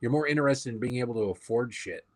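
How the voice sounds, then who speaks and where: A man appearing as a guest commentator, talking in a sarcastic, profane, animated way in casual political chat. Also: mid-range voice, fast, dry recording.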